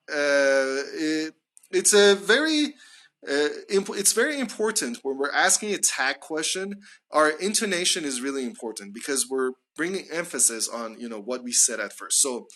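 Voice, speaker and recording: A man's voice: on the high side, bright, forceful tone. Guy teaching english on a live stream, bouncy voice that swings up and down, stretches out his example sentences.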